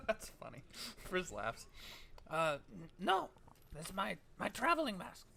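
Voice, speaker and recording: An eccentric male alchemist in a mask, new in town, put on by a man at a tabletop game. He talks in a squeaky, giggly voice that leaps all over the place. A gravelly crackle runs under it. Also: wildly swooping pitch, a little slow, pushed and bright, exaggerated voice. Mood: giddy.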